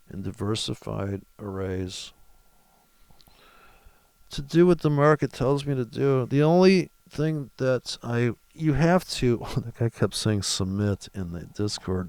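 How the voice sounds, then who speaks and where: A man's voice: mid-range voice, creaky, darkish tone, clear, resonant tone, dry recording. A man talking through his live forex trades in a rambling, profane and mocking way. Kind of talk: casual live trading commentary.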